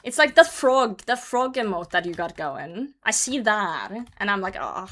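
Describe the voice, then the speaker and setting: A woman's voice: mid-range voice, animated, moderate pace, fairly bright tone. A woman streaming a game, chatting casually with her chat, teasing viewers, laughing often and swearing freely. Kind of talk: casual livestream chat while gaming.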